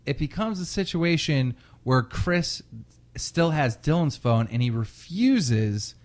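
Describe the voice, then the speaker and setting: Young male podcast host, high-ish, animated storyteller, profane. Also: slow. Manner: animated, profane, acts out quotes. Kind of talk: casual storytelling chat.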